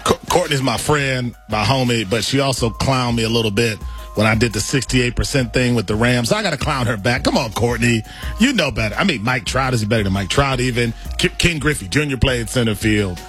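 A man's voice: mid-range voice, expressive, brisk, a bit bright, soft background music. Playful male sports radio co-host. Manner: playful, self-teasing.

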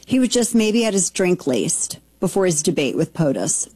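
A woman's voice: lowish voice, sing-song, normal speed, hardly any pauses, darkish tone, slightly rough, no room sound. A woman hosting an opinionated talk radio show, brash and sarcastic, speaking into a studio microphone.

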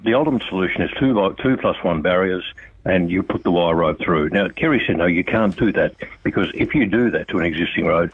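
Husky deep-voiced Australian man on a phone line. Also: dry recording. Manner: blunt, forceful, repeats himself. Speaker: guest on radio phone-in. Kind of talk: casual radio chat.

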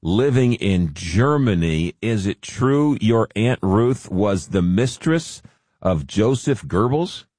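A man's voice: fairly low pitch, expressive, slow, darkish tone, no room sound, studio quality. A man interviewing a guest, asking questions and summing up her story back to her.

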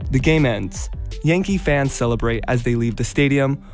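A man narrates a scripted radio story in a mid-pitched voice. His delivery is playful and wry. Faint music sits under him. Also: normal speed, a little mellow.

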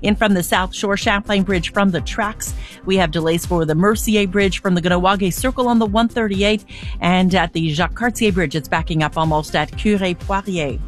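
A woman reading a radio traffic report in a brisk, matter-of-fact way. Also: mid-range voice, faint music behind.

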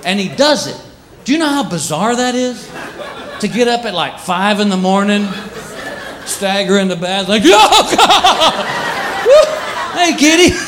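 A man doing a stand-up comedy routine in front of a live audience, animated, jumping into silly voices. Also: normal speed, pauses often. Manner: animated, jumps into silly high voices for pets. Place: comedy stage before a laughing audience. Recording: live club with loud crowd laughter and noise.

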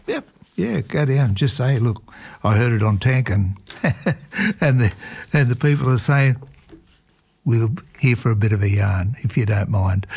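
A man's voice: mid-range voice, darkish tone. A man hosting local radio, chatting casually and telling jokes. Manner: chatty, joking, laughs often. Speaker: radio host.

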